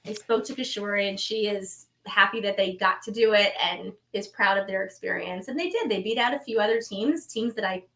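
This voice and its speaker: A woman, co-hosting a show and recapping it in an animated, chatty way. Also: mid-range voice, fairly quick, few pauses. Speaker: co-host, reality show recap. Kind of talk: casual chat.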